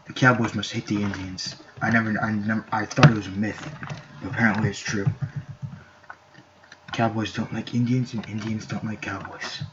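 A man's voice: on the low side, flat delivery, moderate pace. A young man giving goofy, rambling, self-mocking commentary while playing a game, recorded at home on a desktop mic. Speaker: gameplay commentator. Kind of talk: casual gameplay commentary. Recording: dull lo-fi home recording with faint noise.

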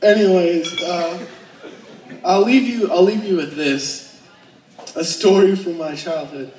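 A man's voice: sits high, slow, darkish tone, slight background noise. A young man from Alaska doing his first stand-up set, nervous and self-deprecating, telling crude jokes. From Alaska, United States. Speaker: stand-up comedian. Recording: echoey room, voice far off.

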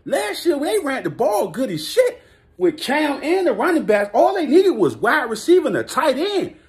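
An excitable man delivering a sports hot-take rant, boastful and full of street slang. His voice sits high for a man and leaps around the scale as he gets worked up, and he laughs often between his claims. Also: moderate pace. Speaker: vlogger.

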